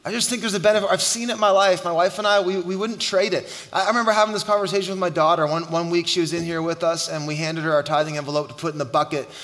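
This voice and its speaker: A middle-aged man, a pastor preaching a sermon and telling stories in an animated way. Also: sits high, rapid-fire, few pauses. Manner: animated storytelling, shouting at the climax. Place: church hall. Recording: long hall reverb.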